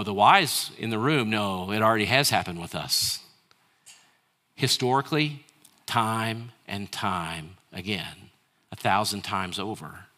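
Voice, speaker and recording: A male pastor preaching a sermon, asking rhetorical questions and getting the congregation to answer and repeat lines after him. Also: lowish voice. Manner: rhetorical questions, shifts between hushed and raised delivery.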